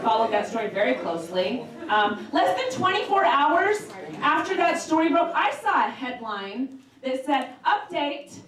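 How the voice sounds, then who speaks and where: A woman's voice: sits high, big pitch swings, measured pace, fairly bright tone, recorded from a distance. A woman performing a stand-up comedy set in a small club, telling crude, brash jokes that build to punchlines. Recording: echoey club room, mic set back, crowd laughter. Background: audience laughing.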